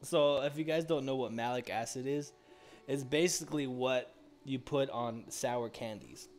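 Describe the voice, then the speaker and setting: A young man streaming live in casual chat, loud, reactive and exclaiming. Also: mid-range voice, a little slow, soft background music.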